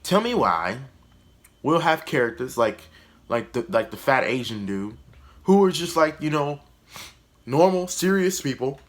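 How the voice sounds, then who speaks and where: A man's voice: medium pitch, sing-song, a little slow, long pauses. A male comedian reviews a TV season in a casual vlog. He is blunt and sarcastic and swears freely. His mid-range voice stays conversational. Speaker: YouTube comedian reviewing a TV show.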